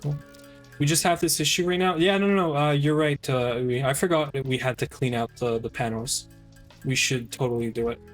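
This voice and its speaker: Man, game streamer, casual rambling chat, mid-pitched voice, faint music behind. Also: a little fast. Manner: rambling, hesitant, many fillers and restarts.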